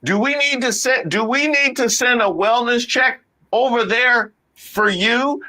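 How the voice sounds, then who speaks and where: A woman's voice: a little high, a little slow, sharp tone. A woman host, giving emphatic reaction commentary to her viewers and repeating her phrases. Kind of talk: reaction commentary on viral clips.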